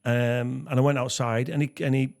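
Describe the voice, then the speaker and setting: A man co-hosting a podcast, talking candidly and earnestly, halting with many restarts. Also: medium pitch, little pitch movement, gravelly, darkish tone. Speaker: podcast co-host. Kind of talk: candid conversation.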